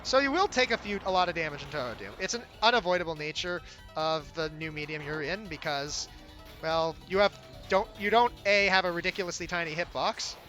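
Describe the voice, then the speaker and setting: A young man giving casual gameplay commentary as the game's developer, relaxed and self-deprecating, often restarting his sentences. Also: fairly high pitch, a little fast. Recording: game music playing faintly behind.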